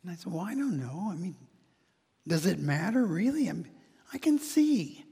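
Heavily acted, this monologue has a man voicing a joyful, eager beggar who was once blind, stumbling and restarting, repeating words amid excited exclamations. The voice is high-pitched and creaky with a breathy edge, heard in a large hall.

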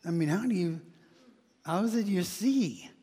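A man's voice: high-pitched, expressive, normal speed, warm tone, breathy edge, long reverb tail. A man putting on the voices of doubtful male neighbors, who speak hesitantly and mumble through many fillers.

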